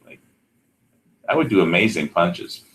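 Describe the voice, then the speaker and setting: A man in casual chat, a recording engineer who rambles excitedly and trails off mid-sentence. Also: low voice, measured pace.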